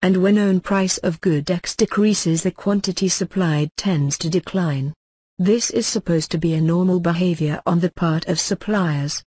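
Husky man reading lecture notes. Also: high-pitched, a little mellow, dry recording. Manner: measured, formal textbook delivery.

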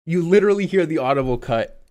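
A young man streaming casual music reaction commentary, profane and incredulous, often breaking into loud outbursts. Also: a little high, lively intonation, quick pace. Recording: song playing faintly behind.

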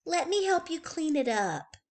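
A woman voicing a kind big sister bunny in a soft, sweet voice. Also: very high voice, big pitch swings, unhurried, pitched above the performer's own voice, exaggerated voice.

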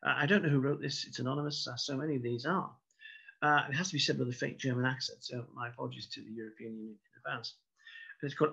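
A man lecturing on history, measured and wry, with a gravelly, husky voice. The sound is dull and lo-fi, as from a modest online broadcast. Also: mid-range voice, fairly even intonation, bright, forceful tone. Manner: measured, storytelling, wry asides. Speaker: local historian giving a talk. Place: indoors, online broadcast talk. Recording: dull lo-fi recording.

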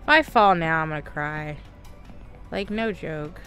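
A woman's voice: sits low, measured pace, pushed and bright. A Southern American woman in her thirties narrates her gameplay as she goes, chatty and full of exclamations. She talks to herself as she tries to work out where to go. Faint music plays behind her. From Texas, USA. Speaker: gaming streamer. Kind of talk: live gameplay commentary.

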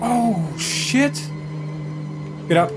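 Man, gaming commentary, jumpy and swearing, slow drawn-out talk, lively swings in pitch, game music behind. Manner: jumpy, profane, nervous joking. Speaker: gaming channel host. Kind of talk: let's play commentary. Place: home gaming setup. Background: horror game music.

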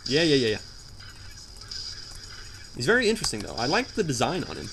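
A young man giving jokey, animated commentary while playing a hard video game, often shouting in frustration. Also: medium pitch, a little fast, creaky, noisy background. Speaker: gameplay commentator. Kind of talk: let's play commentary.

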